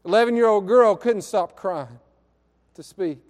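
A man preaching a sermon, telling a story in an earnest way and drawing out key words slowly. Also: high voice, a little mellow, in a large hall. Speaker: pastor. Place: church sanctuary.

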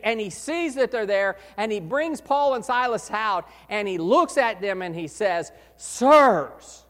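A man preaching a sermon as pastor, earnest, swelling to loud emphasis and dropping low again. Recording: echoey hall reverb.

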